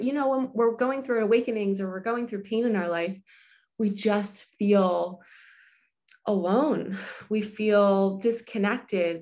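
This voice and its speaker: Woman life coach chatting from her apartment, earnest and nurturing, talks right to you. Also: mid-range voice. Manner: earnest, nurturing, speaks to viewers directly. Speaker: spiritual coach. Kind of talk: casual motivational monologue.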